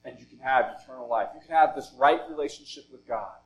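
A male pastor preaching a sermon in deliberate phrases, often falling soft and low at the end of a thought. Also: highs cut off.

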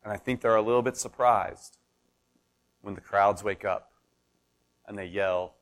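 A man's voice: steady tone, unhurried. A man preaching a sermon as pastor, telling the story in a conversational way with everyday examples and building intensity. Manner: storytelling, builds to impassioned pitch.

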